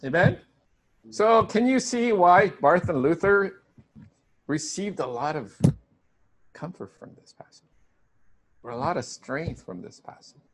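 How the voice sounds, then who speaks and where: Male pastor, sermon, casual asides and restarts, somewhat high voice. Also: animated, measured pace, long pauses. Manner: conversational, with filler words and restarts.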